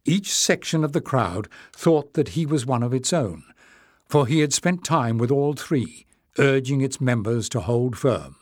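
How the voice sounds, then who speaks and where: A man's voice: mid-range voice, animated, no room sound, studio quality. Man narrating a fantasy audiobook. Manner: measured, storytelling delivery.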